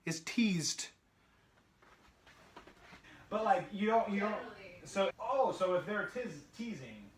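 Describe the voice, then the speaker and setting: A man's voice: sits high, sharp tone. A man hosting a casual storytelling vlog, chatty and self-deprecating. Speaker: storytelling channel host.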